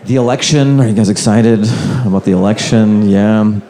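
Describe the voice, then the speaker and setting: A male stand-up comedian doing a loose, conversational set on a club stage, slipping into quick impressions, recorded live with a handheld mic. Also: on the low side, dark tone. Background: audience laughter.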